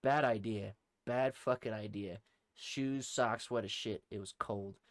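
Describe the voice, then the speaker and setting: A young man co-hosting a podcast, telling a rowdy story in casual talk, swearing heavily and shouting out the lines of people in it. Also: lowish voice, fairly even intonation, measured pace, dry recording, studio quality. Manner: heavy swearing, acts out shouted quotes. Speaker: podcast co-host.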